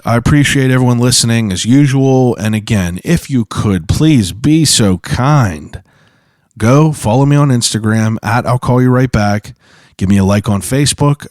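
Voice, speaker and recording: A man's voice: on the low side, darkish tone, dry recording, studio quality. A man hosting his own podcast solo, talking in a casual, profane, rambling way full of fillers. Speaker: podcast host.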